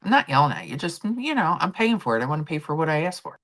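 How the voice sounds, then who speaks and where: A woman chats through a live stream, her voice low yet swinging widely up and down as she tells stories. She reads out viewers' messages between anecdotes in a loose, talkative manner. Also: sing-song, very fast, a bit bright. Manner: chatty storytelling, reading chat aloud. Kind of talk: casual chat with chat readers.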